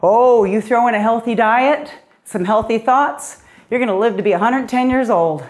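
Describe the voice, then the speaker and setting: A woman's voice: on the high side, normal speed, a little mellow. A middle-aged woman, a fitness coach, leading a guided workout with upbeat, encouraging cues, slightly out of breath.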